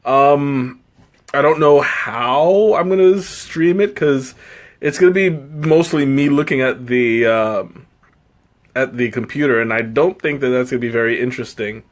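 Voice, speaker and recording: This is a man of medium pitch speaking without hurry as he runs a relaxed live stream tasting teas. He drifts from point to point, breaks off mid-thought, laughs frequently and teases himself with good humor.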